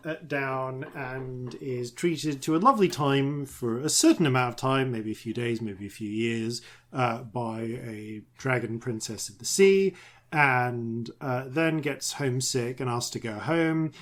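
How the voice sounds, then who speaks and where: A man hosting a tabletop game podcast as dungeon master, telling a folk tale in a rambling, halting way. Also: medium pitch, a bit bright. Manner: rambling, halting storyteller with many ums. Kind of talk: casual podcast chat and storytelling.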